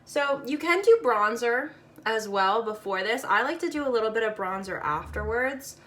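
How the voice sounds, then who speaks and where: A woman's voice: a little high, lively intonation, normal speed, fairly bright tone. A woman casually talking through a makeup tutorial, chatty and playful with slangy asides.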